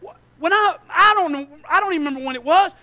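A pastor delivers a sermon to his church in a strikingly high, bright voice. He swings between hushed, low asides and near shouting, calling out to the congregation as he goes. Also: fast talker.

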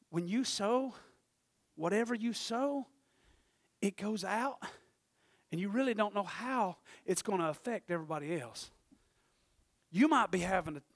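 A middle-aged male pastor, preaching a sermon with lively storytelling that swings from loud to hushed. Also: on the high side, no room sound.

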